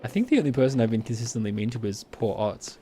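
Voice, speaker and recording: A man's voice: medium pitch, big pitch swings, fast, dark tone. Male streamer, casual game commentary, mid-range voice, wry, faint background noise. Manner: wry, joking asides.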